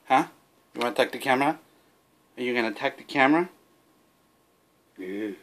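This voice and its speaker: A man's voice: mid-range voice, fairly quick, a bit bright, slight background noise. A man filming a home video, talking to a cat in a coaxing, sing-song baby-talk voice. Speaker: cat owner filming his cat.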